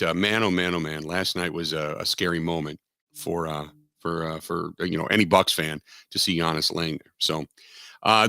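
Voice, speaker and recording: A man's voice: lowish voice, bright, forceful tone, no echo, clean studio sound. A man from Southwestern Ohio hosting a sports radio show, rambling in casual chat and repeating himself with self-deprecating asides. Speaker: radio sports talk host. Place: radio studio.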